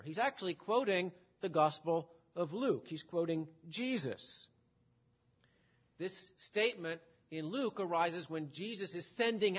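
A man with a high voice preaches an expository sermon at an unhurried pace. He teaches steadily and poses rhetorical questions. The recording sounds dull and lo-fi.

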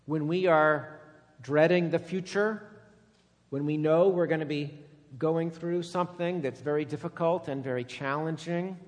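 A man preaching in a big echoing hall, his voice set a little high for a man. He speaks slowly and deliberately, building up to loud, insistent repetitions before dropping back to a hushed, tender tone. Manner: swings between loud emphatic repetition and quiet intimate passages. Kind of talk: sermon. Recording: long reverb of a large hall.

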